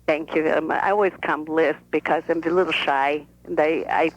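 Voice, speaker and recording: Woman voices reserved elderly grandmother, halting English, muffled phone line. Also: deep voice, fairly even intonation, no echo. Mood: shy, earnest. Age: older. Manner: soft-spoken, measured, slightly broken English. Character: shy, careful elderly Russian-born grandmother. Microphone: telephone. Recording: dull telephone line.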